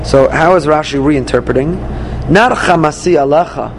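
A man teaching a Torah lesson, reading the verses and explaining them, acting out the dialogue with lively emphasis. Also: on the high side, normal speed, noisy background. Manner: animated, acts out dialogue from the text with rising emphasis. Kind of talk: Bible study class.

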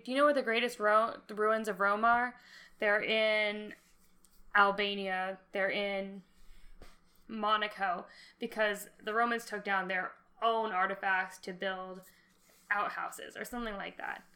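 Young podcast co-host, woman, bright tone, lively and chatty, laughs easily. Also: mid-range voice. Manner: animated, quick laughs, chatty asides. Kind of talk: casual podcast chat.

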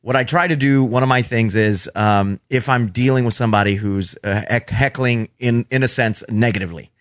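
A male stand-up comedian trades heckler stories in casual podcast conversation, cursing freely and acting out the lines he quotes with animated flair. His mid-range voice moves briskly. The audio is clean studio sound with no room noise.

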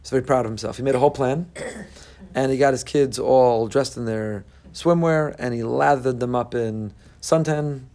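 A man preaching a sermon, animated, breaking into loud, high bursts when he acts out what people say. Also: normal speed. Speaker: rabbi.

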